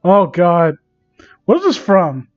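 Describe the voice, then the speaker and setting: High-voiced man mocking fan fiction. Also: wildly swooping pitch, slow pace, no room sound. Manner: incredulous and sarcastic, laughing often. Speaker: comedy reader of fan fiction. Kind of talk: mocking dramatic reading. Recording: dull dry home mic.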